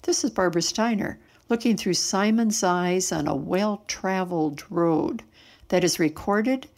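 A woman narrating a Bible story in a steady, earnest storytelling manner. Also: lowish voice, measured pace.

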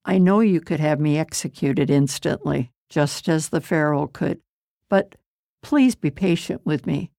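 Storybook: woman voicing a grown man begging earnestly, slow and raspy-edged, dry. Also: low voice, warm tone, dry recording. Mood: pleading. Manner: earnest, pleading. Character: Judah, grown man pleading for his brother.

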